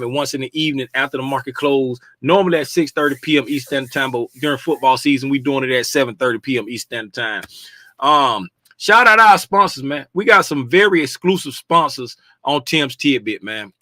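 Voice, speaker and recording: A man's voice: mid-range voice, brisk, sharp tone, no room sound, studio quality. A middle-aged man hosting a casual livestream about futures markets. He is chatty and slangy, greets viewers by name and laughs often. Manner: easygoing slangy talk.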